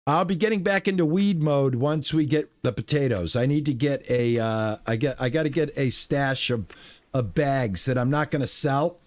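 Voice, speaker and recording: A man with a mid-range voice streams a video game at a moderate pace, narrating his play in a rambling, playful manner full of goofy exclamations.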